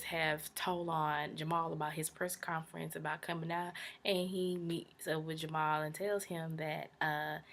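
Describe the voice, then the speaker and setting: A woman's voice: fairly low pitch, a bit bright. A woman chattily recapping a TV drama episode in slangy talk, often dropping into whispered asides. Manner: dismissive "blah, blah" paraphrasing. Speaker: TV episode reviewer.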